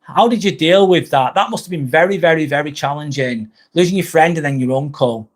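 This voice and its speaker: A man's voice: on the high side, fairly quick. A man hosting a live stream, talking candidly and bluntly, swearing often as he rambles and reads viewer comments aloud.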